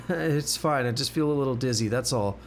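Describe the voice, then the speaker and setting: A worn-out young woman forest watcher who keeps insisting she is fine, voiced plainly by a man reading along. The reading is even and unforced, with a mid-range pitch. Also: normal speed, soft background music, natural voice. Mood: tired fondness. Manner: reads the game text aloud.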